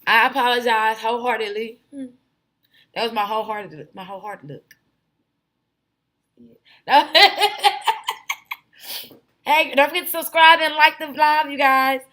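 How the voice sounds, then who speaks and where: A woman's voice: on the high side, a little slow, pauses often, bright, forceful tone. A woman hosting a casual livestream, talking bluntly to her viewers and drifting off on tangents. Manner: rambling, tangent-prone, blunt; talks to her chat viewers directly. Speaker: livestream host.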